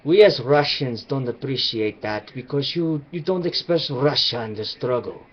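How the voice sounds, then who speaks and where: A menacing male official who talks slowly and sinks very low at the ends of his lines, as a man puts him on. The audio is dull and lo-fi, like a cheap home webcam. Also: animated, lightly acted. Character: menacing male Russian official, says comrade.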